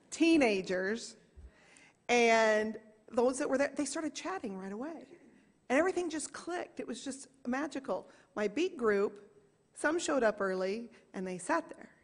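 Woman sharing an earnest church testimony. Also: on the high side. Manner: earnest, storytelling, slows down to stress moments. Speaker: church volunteer small group leader. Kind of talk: personal testimony to a congregation. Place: church sanctuary. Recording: reverberant church hall.

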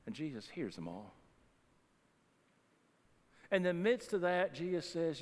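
A man's voice: fairly high pitch, lively intonation, a little slow, pauses often. A man preaching a sermon as pastor, in a folksy, conversational way with humorous asides. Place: church sanctuary. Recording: long reverb of a church hall.

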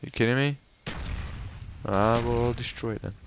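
A man's voice: medium pitch, moderate pace, slight background noise. A young man giving sarcastic, profane commentary while playing a shooter game. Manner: sarcastic, swearing, frustrated. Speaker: gameplay commentator. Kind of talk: casual profane gameplay commentary.

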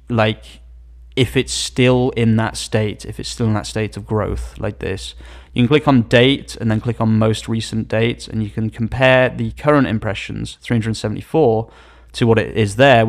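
A man hosting a screen-share tutorial on search results, talking with open excitement and trailing into quiet asides. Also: on the low side, vocal fry. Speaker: SEO channel host.

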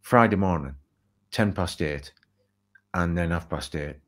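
In an interview, a man with a low voice tells an anecdote at an unhurried pace, bringing it vividly to life and acting out the dialogue. He is an author and speaker.

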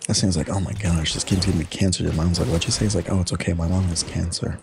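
Male co-player, deep low voice, deadpan and teasing, faint hiss behind. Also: rapid-fire, creaky. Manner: dark deadpan humor, teasing. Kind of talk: casual gaming chat.

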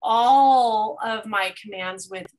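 A woman's voice: fairly high pitch, slow pace, a little mellow, poor audio. A woman hosting a health podcast, chatty, telling personal anecdotes to her guest. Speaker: podcast host. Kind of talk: conversational interview.

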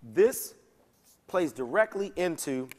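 A man's voice: a little high, expressive, slow pace. A man, a pastor, teaching a Bible study in a conversational, folksy way. He keeps checking in with his listeners and slips into casual slang. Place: church sanctuary. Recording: long church hall reverb.

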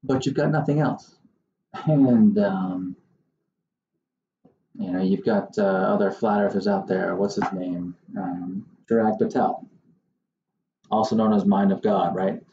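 A man hosts his own channel, talking to the camera in a casual, wry and exasperated way. His voice is low, gravelly and dark. The recording sounds muffled and roomy, with a faint hiss underneath. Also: steady tone, a little slow, long pauses. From Southern Maine. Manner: wry, exasperated, mocking impressions of others. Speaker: surveyor and channel host.

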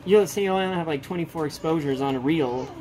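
A man's voice: fairly high pitch, quick pace, a loud crowd, rough recording. A man chatting casually as co-host of a video, rambling and playful, slipping into silly voices. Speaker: co-host, vlogger's husband. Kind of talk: casual chat.

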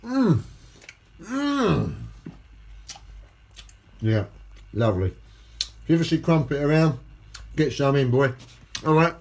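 A man's voice: medium pitch, animated, normal speed, long pauses, darkish tone. A man giving a rambling, cheeky food vlog at home. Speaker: vlogger.

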